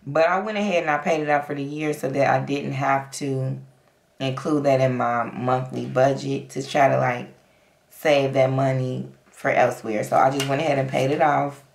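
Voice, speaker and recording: Low, gravelly-voiced woman chatting about budgeting. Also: steady tone, moderate pace, reverberant. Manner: chatty and playful, counting cash aloud. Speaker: budgeting vlogger. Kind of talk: casual chat to camera.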